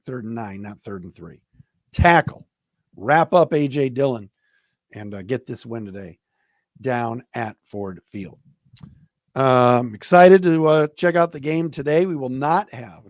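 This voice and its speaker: A man's voice: medium pitch, no room sound, studio quality. A man hosting a solo sports podcast, giving blunt, emphatic opinions in casual commentary. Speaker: podcast host.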